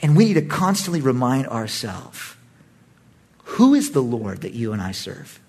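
A man pastor leading a Bible study, animated and acting out the voices of the people in the story. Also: mid-range voice, moderate pace, vocal fry, husky. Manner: animated, acts out quoted voices. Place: church meeting room.

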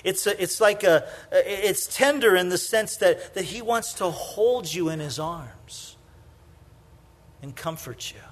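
A man with a high-pitched voice delivers a sermon in a relaxed, chatty way, peppered with "you know." He tells stories with energy, then sinks into quiet, tender emphasis on his main points. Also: slow pace. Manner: conversational preaching, many "you know" fillers; shifts from lively storytelling to soft, hushed emphasis. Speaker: pastor.

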